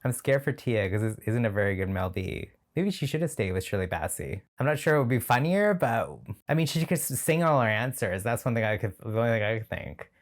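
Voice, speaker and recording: A man's voice: mid-range voice, lively intonation, brisk, hardly any pauses. A man hosting a reaction video, talking casually and sardonically and laughing often.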